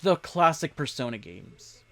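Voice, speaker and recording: A man's voice: medium pitch, sing-song, measured pace. A man hosting a casual podcast chat, rambling with frequent laughs.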